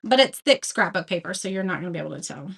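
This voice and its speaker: A woman's voice: lowish voice, animated, fast talker, gravelly, husky. A woman chatting casually as she hosts a live craft tutorial, reading viewer comments and laughing at her own mistakes. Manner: chatty, self-deprecating, reads viewer comments aloud. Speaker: craft livestream host.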